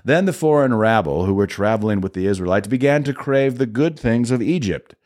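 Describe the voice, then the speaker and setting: A man reading scripture aloud in a measured, expressive delivery. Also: medium pitch. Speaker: Bible reader.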